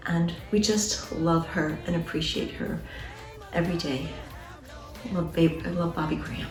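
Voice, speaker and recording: A woman's voice: on the low side, fairly even intonation, moderate pace, soft background music. A woman giving an earnest, heartfelt tribute to a longtime family friend. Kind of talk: spoken tribute. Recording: echoey room, distant mic.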